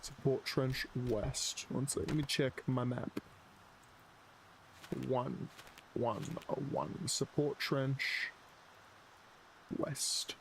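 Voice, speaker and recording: A man's voice: medium pitch, fairly even intonation, extremely slow, long pauses, slight background noise. A man live streaming, casually telling a story while gaming, rambling and swearing a lot.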